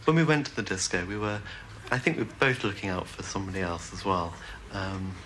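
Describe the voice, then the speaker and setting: Posh english guy, really low voice, dry chuckles, super hissy tape. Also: expressive, fairly quick. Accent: upper-class English. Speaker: game show contestant. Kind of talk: casual interview anecdotes.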